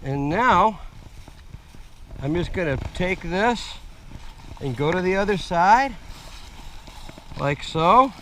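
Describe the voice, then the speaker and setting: A man with a slightly rough voice, slowly explaining a camping gear setup step by step, outdoors on a camera mic. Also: sits high, expressive, fairly bright tone, a little hiss or hum. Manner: slow, plain step-by-step explaining with fillers. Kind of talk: casual how-to demonstration. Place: outdoors in woods.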